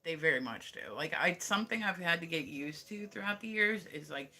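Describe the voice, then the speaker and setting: Chatting on his livestream, a US streamer wanders from thought to thought, cursing freely and leaning hard on "like." He speaks briskly and expressively, with a fairly high pitch and a sharp tone.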